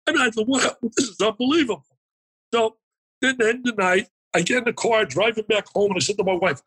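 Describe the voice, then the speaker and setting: A man, a motivational speaker, telling an emotional story as an interview guest, animated and emphatic, acting out the dialogue as he goes. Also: sits high, husky, low-quality recording.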